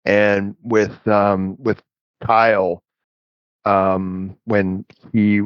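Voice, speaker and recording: Low-voiced man telling a long story. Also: level tone, extremely slow, clean tone, no room sound, dull audio. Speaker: guest. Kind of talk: casual storytelling chat.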